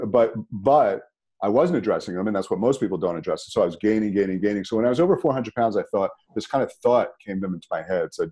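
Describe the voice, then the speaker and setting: Low-voiced guy on a podcast, mellow tone, gets loud and high when he makes a point. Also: husky. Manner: animated, rises sharply when emphatic. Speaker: podcast guest. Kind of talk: conversational storytelling.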